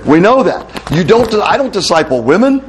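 A middle-aged male pastor giving a lively talk to a room of men, telling stories and putting questions to the crowd. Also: high voice, normal speed, slight background noise. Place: hall with a live audience.

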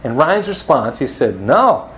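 Heavy background noise accompanies this expressive man, whose voice is on the high side at a moderate pace. In an evangelism teaching talk before a live group, he tells stories, acts out quoted voices, and chuckles.

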